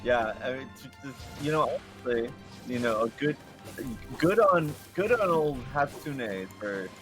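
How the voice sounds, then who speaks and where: A man's voice: medium pitch, lively intonation, measured pace, a bit bright, soft background music. A man making dry, wry jokes in a casual live-stream chat.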